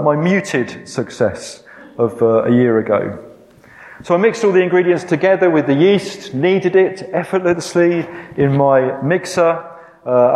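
A man in his sixties, a preacher telling a story in a sermon, self-deprecating and gently humorous, with many fillers. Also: medium pitch. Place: church hall. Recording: echoey hall.

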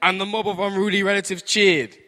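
A man's voice: sits high, level tone, fairly quick, over loud music. A man telling a children's story in church in an easygoing way. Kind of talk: read-aloud storytelling.

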